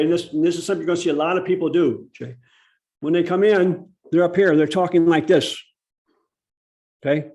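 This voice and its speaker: Male workshop presenter, slightly high voice, demonstrative teaching delivery, video-call sound. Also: darkish tone. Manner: demonstrative, slows down to stress key words. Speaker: public speaking workshop presenter. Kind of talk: instructive online workshop talk.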